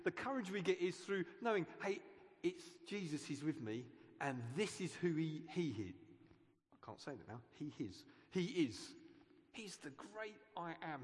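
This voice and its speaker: Guy preaching in a church, fairly high voice, chatty and earnest, long hall reverb. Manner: earnest, conversational, asks the listeners questions. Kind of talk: sermon.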